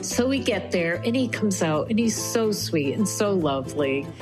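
Animated woman telling a personal story. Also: medium pitch, moderate pace, music in the background, rough recording. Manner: animated, acts out quoted voices. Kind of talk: personal story told to an interviewer.

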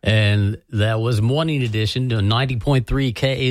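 A man's voice: fairly low pitch, brisk, hardly any pauses, darkish tone. A man co-hosting public radio who rambles a little, uses fillers, and pokes fun at himself on air. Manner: self-deprecating, rambling, with fillers.

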